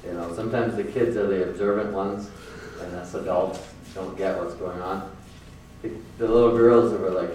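A man's voice: sits low, fairly even intonation, normal speed, darkish tone, a little hiss or hum. A man preaching a sermon in a casual, earnest way, repeating phrases for emphasis. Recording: very echoey room from far off.

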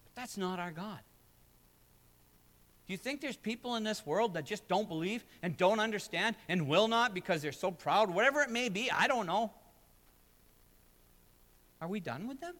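A man's voice: high voice, animated, moderate pace, pauses often, a bit bright. A man preaching a sermon as pastor, emphatic and building with repeated phrases, in a church sanctuary. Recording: long hall reverb.

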